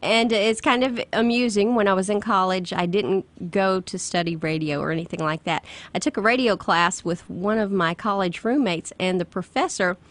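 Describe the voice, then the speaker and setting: A woman from Kentucky hosts a radio interview in a casual, upbeat way. Her Southern accent from the Tennessee border comes through in every phrase, at a middle pitch. She laughs easily and sounds delighted by her guest. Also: moderate pace, few pauses, dry recording. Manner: enthusiastic, laughs often. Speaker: radio host.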